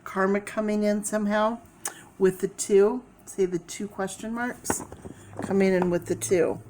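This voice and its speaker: A woman with a mid-range voice gives a casual tarot reading to the camera, speaking at a measured pace in a steady tone over some background noise. She thinks aloud as she explains the cards, repeating key words along the way.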